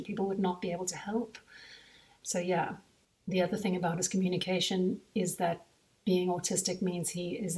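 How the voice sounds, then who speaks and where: A South African woman talks through her podcast in a loose, chatty way, wandering into asides as she thinks aloud. Her voice sits fairly low for a woman. She sounds a little set back from the microphone. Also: a little mellow, recorded from a distance. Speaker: podcast host and mother. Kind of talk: casual podcast monologue.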